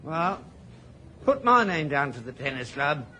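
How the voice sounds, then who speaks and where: A man's voice: fairly high pitch, very animated, measured pace, bright, forceful tone, a little hiss or hum, heavily acted. An actor playing a cantankerous, taunting old rag-and-bone man in a vintage radio sitcom. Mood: gloating. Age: older. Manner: needling, gloating, cantankerous. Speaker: grumpy old father in a sitcom.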